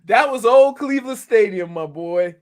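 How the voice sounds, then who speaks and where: Middle-aged male sports radio co-host, light high voice, lively storyteller, casual. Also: normal speed. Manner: animated storytelling, laughs often. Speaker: sports radio co-host, former NFL player.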